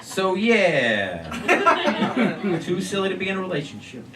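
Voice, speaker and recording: A young male comedian with a high-pitched voice works a club crowd, loud and swearing freely. His voice sits a little back from the mic and rings in a roomy space. Big waves of audience laughter roll under him. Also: very animated, measured pace, recorded from a distance. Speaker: stand-up comedian. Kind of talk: stand-up comedy set.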